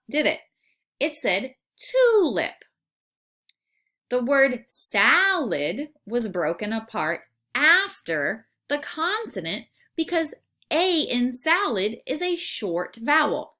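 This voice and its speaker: A woman teacher leads a recorded phonics lesson for young children. Her voice is bright and clear, sits a little high, and her pitch rises and falls a lot. She takes her time, sounding each word out patiently. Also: sing-song. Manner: patient, sounds out words slowly, asks questions aloud.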